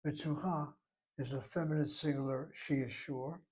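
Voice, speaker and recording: A man with a fairly high voice gives a methodical classroom lecture. He goes over each word more than once, breaking it into syllables for his students. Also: fairly even intonation, normal speed, husky. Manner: methodical, repeats words and breaks them into syllables. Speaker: Hebrew teacher.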